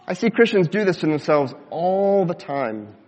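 A man preaching a sermon as pastor, measured and deliberate, slowing down for emphasis and dropping low at the ends of phrases. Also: big pitch swings, a little mellow. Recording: dull sound with long hall reverb.

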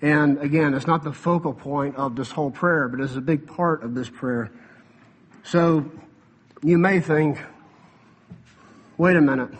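Casting young adult male pastor, preaching in a relaxed conversational style, slightly higher voice, a touch husky. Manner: conversational preaching with fillers, quick asides. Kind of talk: sermon.

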